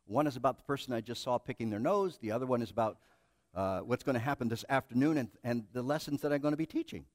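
A middle-aged man preaching a sermon, telling stories with self-deprecating humor and swinging between hushed and loud passages. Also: mid-range voice, fast, no echo. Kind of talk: sermon with storytelling.

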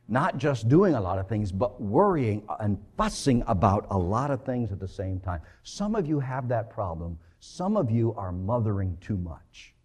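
A male preacher delivering a sermon, telling a story with big swings between loud and hushed. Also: on the low side, big pitch swings, normal speed, hardly any pauses, husky.

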